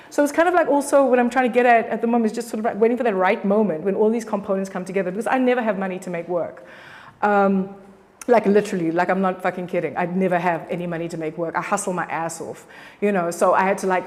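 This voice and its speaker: A woman's voice: medium pitch, a little mellow. A middle-aged woman artist giving a casual, profane talk. She rambles and keeps correcting herself as she goes. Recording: long reverb of a hall.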